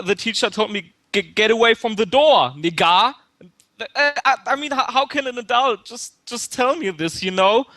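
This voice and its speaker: A jittery young male student , voiced by a man, phones in with a hammy put-on German accent and stumbles through every sentence. The voice sits high and sharp, recorded dry and close with no room around it. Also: no echo. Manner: stammering, repeats words, earnest and flustered. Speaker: prank caller. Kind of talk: prank call-in.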